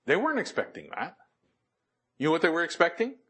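A man's voice: on the high side, wildly swooping pitch, fast talker, fairly bright tone, husky. A man preaching a sermon, quoting scripture and asking the congregation questions with emphatic delivery. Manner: asks the audience questions, emphatic.

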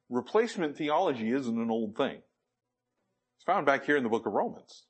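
A man's voice: fairly high pitch, animated, normal speed, fairly bright tone, slightly rough. A man preaching a sermon, quoting scripture and asking the congregation questions with emphatic delivery. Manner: asks the audience questions, emphatic.

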